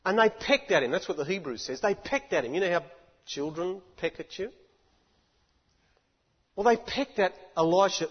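A man preaching a sermon in an animated, emphatic way, building up to shouts. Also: on the high side, moderate pace, husky. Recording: echoey hall, dull lo-fi.

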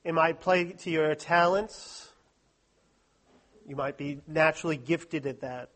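A man's voice: fairly high pitch, a little slow, fairly bright tone. A man giving a humorous, self-deprecating talk to a live audience at a Christian study week. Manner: joking, self-deprecating, chatty asides.

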